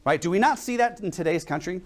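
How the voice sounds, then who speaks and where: Male preacher, young adult, higher voice, animated swings, anecdotal sermon delivery with rhetorical questions. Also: fast.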